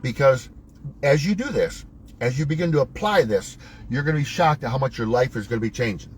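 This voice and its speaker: A man's voice: mid-range voice, lively intonation, fairly quick, slight background noise, low-quality recording. A man hosting a motivational talk, coaching viewers in a preachy, emphatic, folksy way with wide swings in his voice. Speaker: host.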